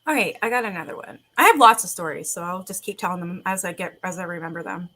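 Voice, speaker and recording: A young woman chats to her live audience, telling a story at her own loose pace. Her voice is bright and a bit sharp. She wanders, restarts sentences and fills gaps with "um" and "like". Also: fairly low pitch, fast talker. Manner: rambling, with many fillers and restarts. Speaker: livestream host. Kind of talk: casual storytelling to a live chat.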